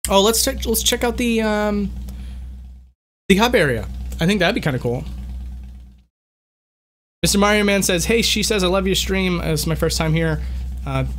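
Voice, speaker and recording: A young man from Boston with a light local accent, chatting loosely on a game livestream. His voice sits a bit higher than most men's, and he breaks into laughs and restarts words. A faint hiss of background noise sits under the talk. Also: expressive, normal speed, long pauses, fairly bright tone. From Boston, USA. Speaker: livestream host. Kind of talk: casual livestream chat reading donations.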